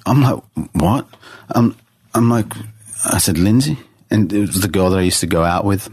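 Low-voiced man telling his story. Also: measured pace, breathy edge, no echo, clean studio sound. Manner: earnest storyteller with frequent restarts. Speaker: guest artist. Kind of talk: personal testimony in a podcast interview.

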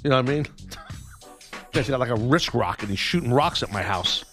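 A man's voice: mid-range voice, moderate pace, faint music behind. A man hosting a sports radio talk show, telling a long story and acting out every voice in it. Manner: animated storyteller acting out both sides of a confrontation.

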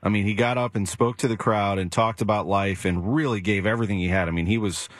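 Low-voiced male radio host, dry studio. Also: steady tone, fast talker, no room sound. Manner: enthusiastic, conversational. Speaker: radio talk show host. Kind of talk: radio show hosting. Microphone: studio microphone.

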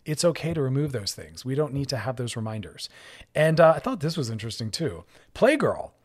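A man's voice: medium pitch, big pitch swings, brisk. A man hosting a radio talk show as a therapist, chatting in an upbeat way and laughing often.

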